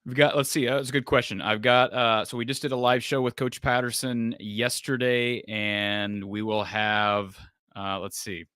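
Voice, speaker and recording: A man's voice: medium pitch, flat delivery, normal speed, bright, forceful tone, smooth, dry recording, studio quality. A man hosting a live call-in sports show, chatting loosely and thinking aloud with plenty of fillers. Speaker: show host.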